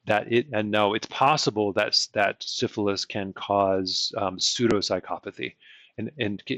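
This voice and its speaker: A man teaching in a loose, rambling lecture, often checking in with "okay?" and pausing on fillers. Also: fairly low pitch, dry recording, muffled recording. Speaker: occult teacher. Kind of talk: casual lecture to camera.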